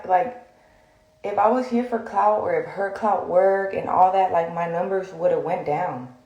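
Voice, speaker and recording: Speaking in a lowish, slightly mellow voice, this social media vlogger delivers a heated rant straight to her phone camera. It's blunt, profane and rambling, full of fillers, and the room echoes.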